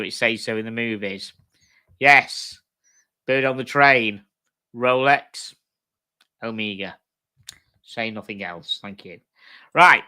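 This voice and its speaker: A man's voice: medium pitch, takes it slowly, pauses often, pushed and bright, clear, resonant tone. A man hosting a casual live stream, reading comments aloud and trading sweary banter with viewers. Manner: sweary, blokey banter, laughs often. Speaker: livestream host. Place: at home with dogs.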